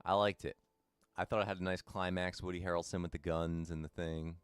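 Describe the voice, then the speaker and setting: A man's voice: low-pitched, flat delivery, brisk, clean tone, no echo. A young man casually chatting with his viewers while streaming a video game, laid-back and talkative. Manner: chatty, laid-back, talks to chat by name. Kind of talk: casual live-stream chat.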